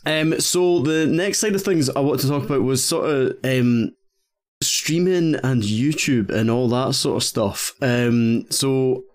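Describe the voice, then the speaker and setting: Halting male podcast host. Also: medium pitch. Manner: hesitant, halting restarts. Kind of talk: casual interview chat.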